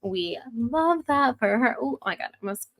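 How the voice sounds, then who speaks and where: A woman's voice: on the high side, animated, normal speed, fairly bright tone, dry recording. A woman co-hosting a podcast about a book, retelling the chapter casually and acting out the characters' lines. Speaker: podcast co-host. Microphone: headphones and studio mic.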